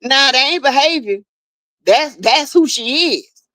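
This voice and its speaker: A chatty woman hosts a live stream, greeting viewers one by one and swapping gossip. Her voice sits fairly high and swings up and down with a lot of life. She takes her time, in a dry, close room. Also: expressive, unhurried, sharp tone, no room sound. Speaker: livestream host. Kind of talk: casual live chat with viewers. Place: home backyard shed.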